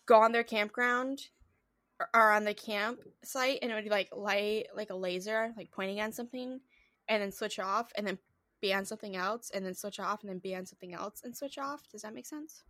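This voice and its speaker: A woman's voice: medium pitch, normal speed, a bit bright, dry recording, clean studio sound. A woman co-hosting a podcast, telling a spooky story in a loose, casual way, full of "like"s and swearing. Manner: loose retelling with many "like"s and swearing. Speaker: podcast co-host.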